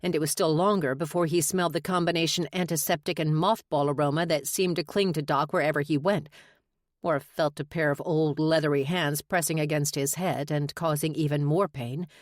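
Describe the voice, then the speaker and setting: A woman narrating a romance audiobook in a measured, expressive reading. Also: low-pitched, dry recording, studio quality. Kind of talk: scripted narration.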